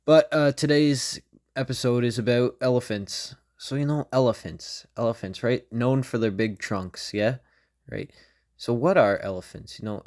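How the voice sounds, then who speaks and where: A man's voice: mid-range voice, darkish tone. A young man hosting a comedy podcast, rambling through a loose monologue and tagging nearly every phrase with "right?" or "you know?". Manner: meandering, constant "right?" and "you know?" tags. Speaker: podcast host.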